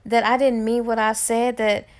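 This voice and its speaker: A woman voicing a flustered, indignant young woman in a retold story, with high-pitched exclamations. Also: level tone, normal speed, close to an everyday voice. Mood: pleading.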